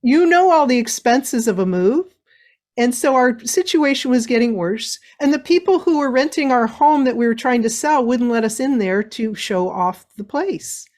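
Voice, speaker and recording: Middle-aged lady doing a webinar talk, kinda high voice, animated storyteller. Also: normal speed. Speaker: speaker.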